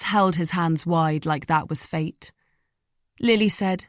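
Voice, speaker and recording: A woman reading an audiobook in scripted narration, steady and measured, in a dry booth. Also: fairly low pitch, no echo.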